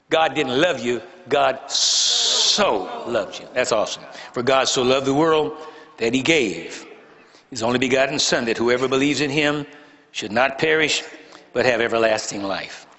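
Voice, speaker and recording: In a church sanctuary, a male pastor with a medium, slightly bright voice preaches to his congregation in a large hall. He jokes with and teases the crowd, hitting key words hard and repeating phrases for emphasis.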